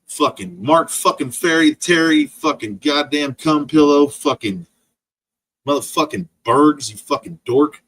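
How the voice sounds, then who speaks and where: A man's voice: on the high side, unhurried, a bit bright, husky. A man streaming an angry, profane rant full of insults. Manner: profane, insult-laden ranting.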